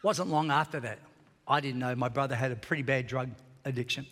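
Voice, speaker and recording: A male pastor preaching a sermon in a large church, telling stories with passion, swinging between shouting and hushed tones. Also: mid-range voice, steady tone, fairly quick, in a large hall, a little hiss or hum.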